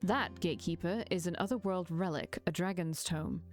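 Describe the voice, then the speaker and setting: A woman's voice: lowish voice, moderate pace, faint music behind, close to an everyday voice. A haughty scheming young prince, as a woman reads him aloud. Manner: sarcastic, commanding.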